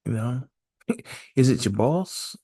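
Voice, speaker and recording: Gravelly laid-back podcast host. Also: male voice, mid-range voice, lively intonation, slow, dark tone. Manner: rhetorical questions, repetitive, conversational. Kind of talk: casual solo podcast monologue.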